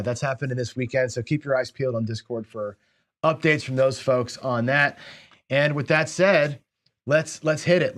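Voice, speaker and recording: A chatty male host runs a relaxed online interview from his home setup. His pitch sits in an everyday middle range, and he laughs easily and often repeats words as he talks. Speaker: show host. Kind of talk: casual video call interview.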